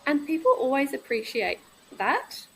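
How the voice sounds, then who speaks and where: A woman in her thirties talking candidly in a casual podcast conversation, reflective and halting, often restarting her sentences. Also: sits high, big pitch swings, slight background noise, rough recording. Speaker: guest, midwife.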